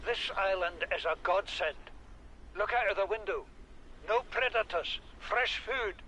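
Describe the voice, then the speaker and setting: Stern chief dad in a game voice log, high voice, hissy. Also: male voice, measured pace, sharp tone, rough recording. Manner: commanding. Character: stern male chief, protective father.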